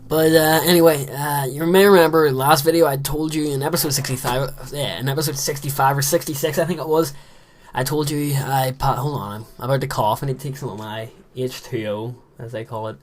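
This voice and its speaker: A teenage lad with a Northern Irish accent chats away as he plays, rambling from one thought to the next with plenty of fillers. His voice sits at an ordinary middle pitch for a young man. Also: fairly even intonation, fairly quick, slight background noise. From Northern Ireland. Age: teens. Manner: rambling, chatty, many fillers. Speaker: let's play host. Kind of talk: casual game commentary.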